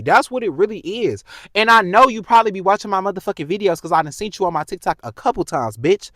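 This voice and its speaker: Fired-up young man ranting, lively pitch. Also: a little fast, dry recording, studio quality. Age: 20s. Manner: heated, profane, talks straight to the viewer. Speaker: vlogger. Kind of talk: casual storytime rant.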